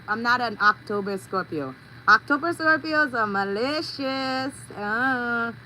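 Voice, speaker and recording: Bright-voiced woman rambling playfully. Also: a little high, slight background noise, poor audio. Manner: playful, animated storytelling with sound effects. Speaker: vlogger. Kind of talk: casual rambling monologue.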